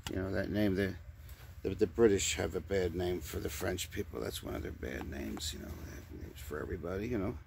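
A man's voice: lowish voice, slight background noise. A man doing an improvised comic sketch with a puppet, stammering, repeating words and rambling. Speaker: puppeteer comedian.

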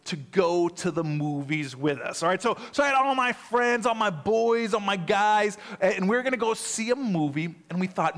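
A man preaching a sermon, his voice high for a man. He tells stories in a lively way, repeats himself and restarts often, and keeps asking his listeners if they follow. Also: moderate pace, hardly any pauses. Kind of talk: sermon with personal storytelling.

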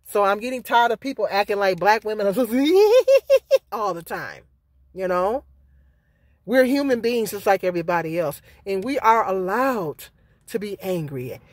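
A middle-aged woman vlogging her opinions, emphatic and full of rhetorical questions, often asking "okay?". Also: medium pitch. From Michigan, United States. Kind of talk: casual opinion vlog.

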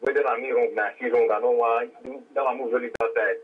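A man's voice: medium pitch, fairly even intonation, fast, breathy edge, far from the mic. A Nigerian man calling in on the phone, pleading for help in Pidgin English. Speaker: caller. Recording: tinny phone line.

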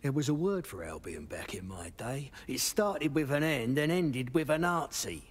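A sardonic older recruit, husky. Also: male voice, mid-range voice, sing-song, moderate pace.

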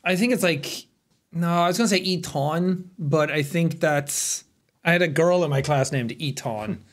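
A man's voice: fairly high pitch, moderate pace. A young Irish man co-hosting a podcast in casual chat, joking, laughing often and swearing freely. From Ireland. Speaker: podcast co-host.

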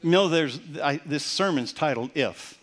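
An older male pastor preaching a Father's Day sermon, swinging from loud, emphatic points to soft, near-whispered storytelling. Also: fairly high pitch, lively intonation, moderate pace.

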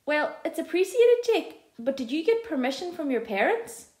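A woman voicing a brisk, kindly male schoolteacher who calls out cheerfully. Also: high-pitched, big pitch swings, darkish tone, roomy sound, voice pushed up. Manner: brisk and calling out.

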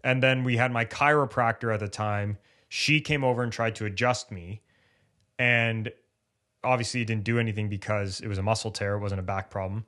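A man co-hosting a podcast on sports injury recovery, who talks casually and acts out the thoughts of injured athletes in lively bursts. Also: fairly low pitch, fairly quick. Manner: animated, acts out athletes' inner voices.

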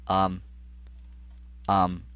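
A man's voice: low voice, monotone, extremely slow, fairly bright tone, smooth, dry recording. Frustrated young man playing a game. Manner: frustrated, exclamatory, talking to the game. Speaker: gaming channel host. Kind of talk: let's play commentary.

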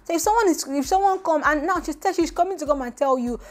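A woman hosts a vlog, giving emphatic, rhetorical gossip commentary. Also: fast talker. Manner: emphatic and rhetorical, voice often jumping up high. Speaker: vlogger host. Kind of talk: casual celebrity gossip commentary.

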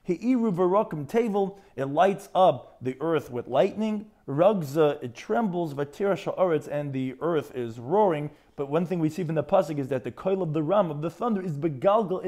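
Animated rabbi giving a Talmud class. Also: male voice. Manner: reads Aramaic phrases then translates, animated with sudden pitch jumps; frequent restarts and repeated words. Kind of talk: Talmud lecture.

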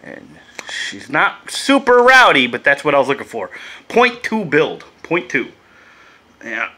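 A man's voice: on the high side, wildly swooping pitch, a little slow, pushed and bright. A laid-back man chatting casually and swearing as he reviews vape gear in a vlog, coughing now and then.

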